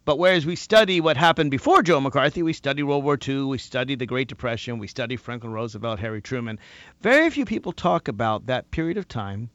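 A man hosting a political talk show, delivering an animated monologue and mocking his opponents' replies. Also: mid-range voice, a little fast, dry recording, highs cut off. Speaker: host.

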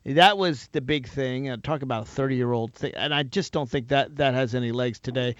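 A man hosting a political call-in radio show, brisk and insistent, cutting in to make his point. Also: mid-range voice, a bit bright, dry recording, dull audio. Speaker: radio talk show host.

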